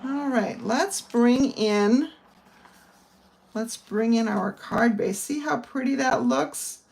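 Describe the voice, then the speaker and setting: A woman's voice: fairly high pitch, takes it slowly, vocal fry, a little mellow. A middle-aged woman from the northern United States, chatting casually as she explains a card-making project step by step. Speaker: papercraft instructor. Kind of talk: casual crafting demonstration.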